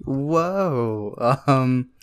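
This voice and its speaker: A man's voice: medium pitch, animated, very slow. A young man co-hosting a podcast, chatting casually at night, rambling, swearing freely and laughing often. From immigrated to Canada young. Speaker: podcast co-host. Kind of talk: casual late-night chat.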